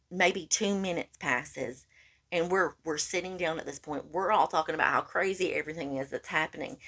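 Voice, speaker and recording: Woman podcaster, lower register, animated casual storyteller who keeps saying "honey.". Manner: animated, acts out quoted lines, calls listener honey. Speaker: podcast co-host.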